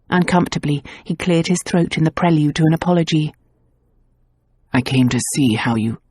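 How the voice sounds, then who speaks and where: An audiobook narrator, a woman with a voice on the low side, reads a romance novel as scripted narration in a measured, even storytelling style. The recording is studio quality with no room sound.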